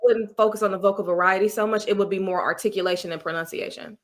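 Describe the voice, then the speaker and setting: A woman guest on a podcast, talking in an animated, expressive way about speaking and laughing easily. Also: mid-range voice, quick pace. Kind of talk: casual interview.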